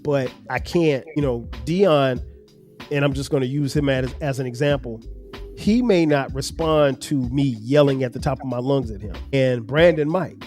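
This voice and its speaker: A man's voice: medium pitch, moderate pace, darkish tone, faint music behind. Earnest middle-aged man, fatherly talk. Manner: earnest, storytelling with acted examples, many restarts. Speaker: podcast host and father. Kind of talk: reflective family conversation.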